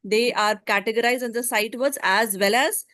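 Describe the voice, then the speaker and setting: A woman's voice: on the high side, normal speed, fairly bright tone, no echo. A woman teacher trainer, explaining step by step in an online session over a video call.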